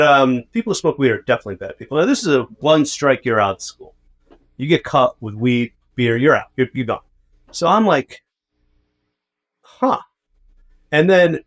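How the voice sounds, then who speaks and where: A man co-hosting a podcast, telling a rambling, profane, self-mocking story in casual chat. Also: medium pitch. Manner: rambling, profane, self-mocking, acts out his own past outbursts. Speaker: podcast co-host.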